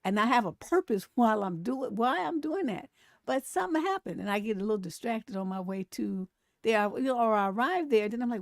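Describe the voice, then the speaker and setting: Woman host over forty, casual animated live-stream commentary, dry close recording. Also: a little high, fairly quick, no room sound. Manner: chatty and animated, laughs often, reads comments aloud.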